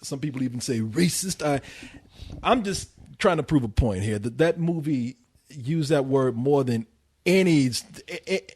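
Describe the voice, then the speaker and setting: A man's voice: medium pitch, expressive, unhurried, a little mellow, husky. A man reviewing a film in casual chat, speaking emphatically.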